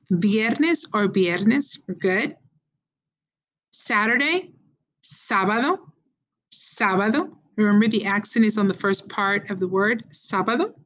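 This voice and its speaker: A woman teaching a beginner Spanish lesson, slowly modeling words and prompting learners to repeat after her. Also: mid-range voice. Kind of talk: call-and-response language lesson.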